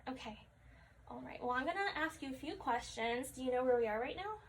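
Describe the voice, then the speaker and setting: A woman conducting a step-by-step health assessment, calmly asking questions and repeating the answers back. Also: high voice, a little fast. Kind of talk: clinical health assessment demonstration. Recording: distant mic with faint background noise.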